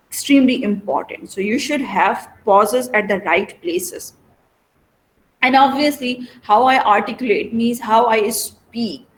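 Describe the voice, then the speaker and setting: A woman's voice: a little high, low-quality recording. A woman teacher giving a classroom lecture, explaining step by step and asking her students rhetorical questions.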